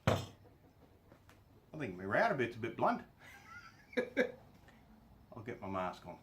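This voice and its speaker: A man's voice: lowish voice, wildly swooping pitch, very slow, background noise. A man, chatting casually and jokingly while he works on a woodworking project, often laughing at himself. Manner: jokey, chuckling, self-deprecating. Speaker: woodworking vlogger. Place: home workshop.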